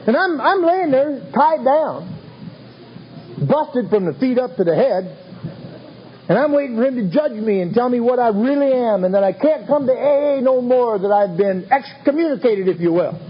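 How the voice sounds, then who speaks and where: High-voiced man, wry folksy storyteller. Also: expressive, normal speed. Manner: wry, self-mocking, folksy. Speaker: recovery meeting speaker. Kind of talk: humorous storytelling talk. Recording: dull lo-fi recording with faint ambience.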